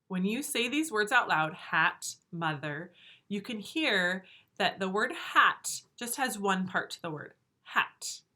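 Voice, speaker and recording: Bright-voiced woman teaching first graders. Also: on the low side. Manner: slow, patient and encouraging, speaking to small children. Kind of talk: recorded remote lesson for young children. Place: her empty classroom. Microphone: camera.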